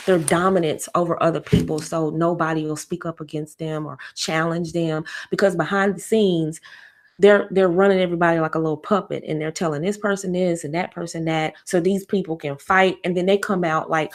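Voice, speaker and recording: A woman hosting a casual livestream, giving relationship advice in an animated, conversational way, with fillers, repeats and sudden high mocking voices when she quotes people. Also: normal speed. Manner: conversational with frequent fillers and repetition.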